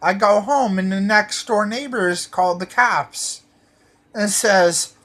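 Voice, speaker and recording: A man's voice: sits high, slow, a bit bright. A man telling a rambling personal story, profane and meandering, full of fillers and restarts.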